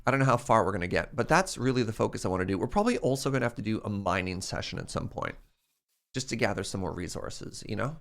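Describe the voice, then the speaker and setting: A man's voice: lowish voice, animated, quick pace, gravelly, a bit bright. A young adult man thinking aloud in casual commentary while streaming a modded block game. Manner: thinking aloud, rambling and musing.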